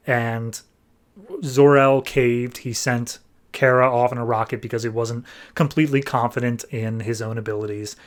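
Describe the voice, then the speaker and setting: Chatty man recapping a comic. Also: mid-range voice. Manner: chatty, filler-heavy retelling with quoted asides. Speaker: comic book podcast host.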